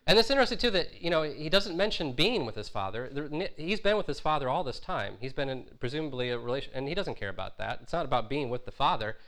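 A man gives a sermon in an informal, talky manner, with a voice of ordinary middle pitch. He stumbles over fillers and restarts now and then, and he slips into little voices for the people he quotes. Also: sing-song, fast talker, few pauses, fairly bright tone. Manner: conversational, with frequent fillers and restarts, acting out quotes. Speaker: preacher.

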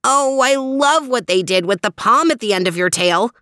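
A woman's voice: on the high side, expressive, moderate pace, bright, forceful tone, clean tone, dry recording, studio quality, voice pushed up. A woman voicing a gushing, admiring animal friend in a children's story.

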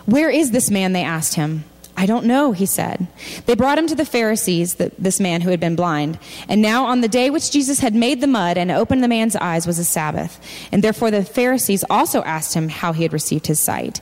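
Expressive and fairly quick, with a darkish tone, a woman preaches in a large church hall. As she reads scripture she brings its people to life, lifting her pitch for their quoted lines.

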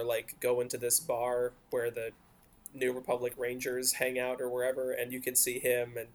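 Male podcast co-host, mid-range voice, talkative and explanatory, casual chat. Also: mid-range voice. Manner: explanatory, talkative, laughs often.

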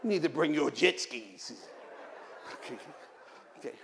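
A man's voice: on the high side, unhurried, gravelly, a little hiss or hum. A male pastor preaching a sermon, mixing humorous personal stories with repeated, emphatic points. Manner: animated storytelling, humorous asides, repetitive emphasis.

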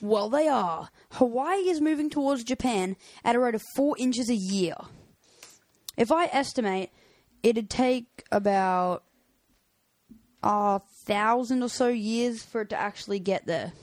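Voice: mid-range voice, unhurried, no echo. A podcast co-host casually reading out fun facts in a playful, upbeat way.

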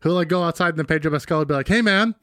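A man's voice: fairly high pitch, steady tone, very fast, dry recording, studio quality. A man co-hosting a casual movie talk, joking and swearing as he retells scenes. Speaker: podcast co-host.

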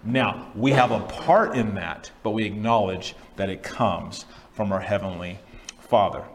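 A man's voice: fairly low pitch, unhurried, slight background noise. A male pastor delivering a sermon in an emphatic way, repeating key phrases for weight and dropping in conversational asides.

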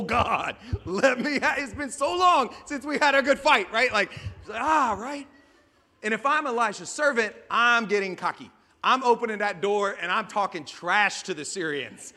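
A man preaches with a high, bright, cutting voice, animated and joking as he acts out the scenes. His voice carries a long reverb from a large hall. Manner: animated and joking, acting out scenes with shouted asides. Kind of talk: sermon.

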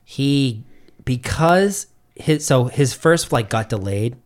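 A man's voice: mid-range voice, takes it slowly. A young man from Massachusetts, co-hosting a podcast and telling stories casually with lots of swearing. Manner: profane, animated storytelling. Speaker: podcast co-host.

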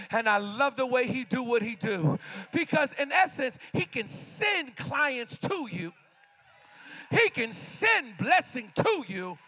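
A young man in his twenties preaching a sermon with fervor, repeating refrains and often shouting out lines. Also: very high voice.

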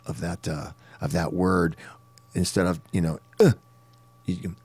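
A man's voice: sits low, fairly even intonation, unhurried, vocal fry, a little mellow, slightly rough, no room sound. A man who sings rock talking casually about vocal technique, rambling with many restarts and little demonstrations. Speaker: rock singer and studio vocalist. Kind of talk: casual podcast chat.

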